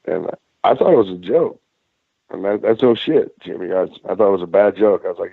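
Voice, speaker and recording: A man, a former wrestler, telling a personal story as a podcast guest, blunt and swearing freely with halting restarts, heard over a tinny phone line. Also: low voice, slightly rough, no room sound. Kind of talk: candid storytelling in a conversation.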